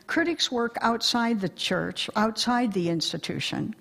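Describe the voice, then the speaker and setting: Husky, emphatic woman, a religious sister. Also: on the high side, lively intonation, measured pace, fairly bright tone. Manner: emphatic, forthright, storytelling. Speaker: religious sister answering audience questions. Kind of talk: talk Q&A answer.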